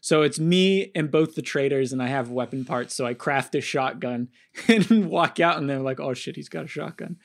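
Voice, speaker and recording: Low-key chuckling man. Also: normal speed. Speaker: podcast co-host. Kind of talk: casual gaming chat.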